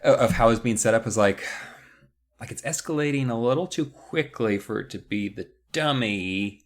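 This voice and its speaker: A man's voice: mid-range voice, moderate pace. A man co-hosting a podcast, recapping a book in a rambling, joking casual chat. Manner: rambling, joking, lots of fillers. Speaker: podcast co-host.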